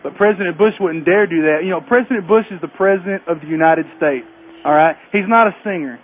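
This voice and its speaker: Young man, Southern US accent, radio caller, argumentative, high voice, tinny phone line. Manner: argumentative, quick-talking. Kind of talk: talk radio call.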